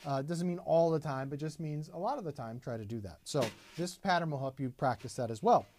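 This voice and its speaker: A man's voice: fairly high pitch, brisk, a little mellow, a little hiss or hum. Patient man teaching drums. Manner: patient, counts beats aloud while playing. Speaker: drum teacher. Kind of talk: instructional demonstration.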